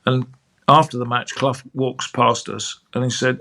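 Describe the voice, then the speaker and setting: An older man, a sports broadcaster, telling an anecdote as a lively raconteur who repeats words as he goes. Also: medium pitch, normal speed. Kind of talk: anecdotal storytelling.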